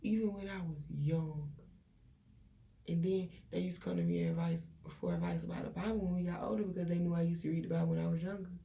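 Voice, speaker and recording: A young woman, venting to her viewers in a casual, animated story full of quoted dialogue. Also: lowish voice, fast, creaky. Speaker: vlogger.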